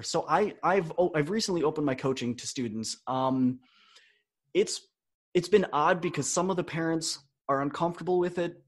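A man's voice: on the high side, moderate pace. A young man guesting on a podcast interview, a coach telling stories and acting out quoted dialogue with energy. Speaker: student speaker and coach.

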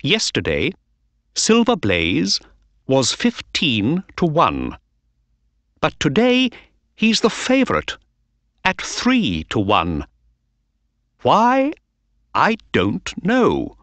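A man putting on a racehorse owner whose voice leaps up high and swings wildly as he cries out in excitement. He sounds dry and close, and his excitement spills out in slow, drawn-out shouts. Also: no room sound, exaggerated voice. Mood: puzzled. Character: excitable male racehorse owner, cold then thrilled.

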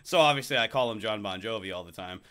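A young man co-hosting a podcast, telling crude, animated stories and mocking people with put-on voices. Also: lowish voice, quick pace. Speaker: podcast co-host. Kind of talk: casual chat.

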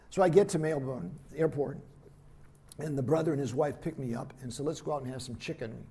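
An older man, a missionary preacher, telling lively stories in a sermon and acting out the voices of the people in them. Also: mid-range voice, vocal fry, slight background noise. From United States. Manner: animated anecdotes, voices quotes, laughs at himself. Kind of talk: storytelling sermon. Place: church hall.

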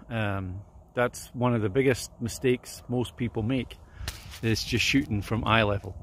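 A man, a photographer, chatting casually outdoors at a small airport at dawn, with a relaxed manner and many fillers. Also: mid-range voice, a little slow, slight background noise. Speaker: landscape photographer. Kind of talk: casual instructional vlog.

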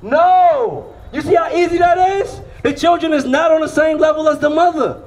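High-voiced man preaching on the street. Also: moderate pace. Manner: emphatic, rhetorical questions, call-and-response. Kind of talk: outdoor street sermon.

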